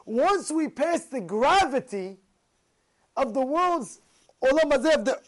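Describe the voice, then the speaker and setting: Animated high-voiced man giving a Torah talk. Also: a little slow. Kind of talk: informal Torah lecture with acted anecdotes.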